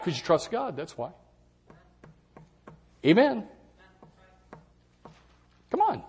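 A man's voice: sits high, slow pace, long pauses, husky. An older man preaching a sermon, often acting out doubters' replies in a raised voice. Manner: animated, acts out congregants' doubts in raised voices.

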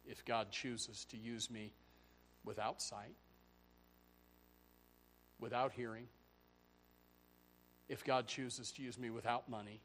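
Man preaching, hushed to shouting. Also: mid-range voice, steady tone, takes it slowly, pauses often, a little hiss or hum. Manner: preaching with rhetorical questions, swinging from hushed to shouted. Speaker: pastor. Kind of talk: sermon.

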